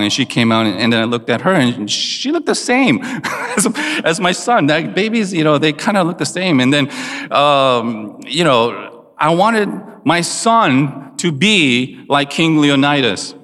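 Man in his forties, slightly high voice, animated self-mocking storyteller; long hall reverb. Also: a little slow. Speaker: speaker telling family stories. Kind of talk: humorous personal storytelling to an audience.

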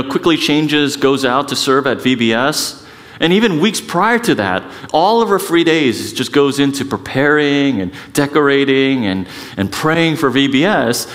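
A man in middle age delivers a sermon as a pastor, mid-pitched and joking at his own expense. He talks with lively emphasis and keeps stepping aside into quick remarks. His voice carries a long reverb from a church sanctuary. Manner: conversational and self-mocking, with lively emphasis and frequent asides.

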